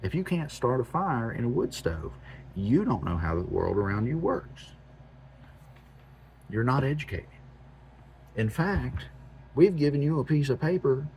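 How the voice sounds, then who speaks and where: A man's voice: medium pitch, big pitch swings, measured pace, pauses often, a little mellow, slight background noise. A man, hosting a homestead channel, ranting bluntly and with exasperation, repeating phrases for emphasis. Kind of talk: ranting monologue to camera.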